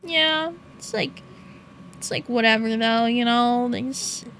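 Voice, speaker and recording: A young woman streamer with a high, bright voice talks to her viewers at an unhurried pace. She is playful and teasing, laughing often and slipping into high-pitched meows. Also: slight background noise. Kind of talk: casual chat with chat.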